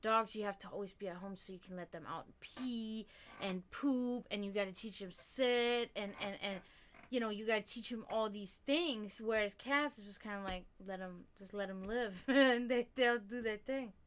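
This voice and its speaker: A woman's voice: medium pitch, moderate pace. A woman hosting a livestream, chatting casually with her viewers in a rambling way, with lots of fillers and the occasional swear. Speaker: livestream host. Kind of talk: casual chat with stream viewers.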